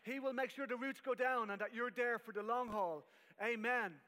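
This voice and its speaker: High bright-voiced male preacher in a hall. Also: normal speed. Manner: emphatic, wry asides. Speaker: pastor. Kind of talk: sermon. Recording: long reverb of a hall.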